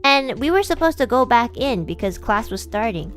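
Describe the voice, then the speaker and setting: A woman streamer telling a childhood story in casual, chatty talk, full of "like" and restarts, with lively bits where she acts out other people. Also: on the high side, normal speed, faint music behind. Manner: chatty, animated, lots of "like" and restarts, voices kids and adults in quotes.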